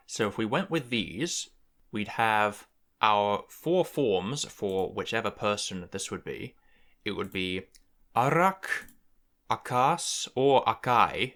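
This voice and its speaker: A young man with a lowish voice talks through a tutorial, thinking aloud as he works. He muses, stops to correct himself and weighs each sound with care. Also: gravelly, bright, forceful tone. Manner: musing, self-correcting, precise about sounds. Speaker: conlang creator.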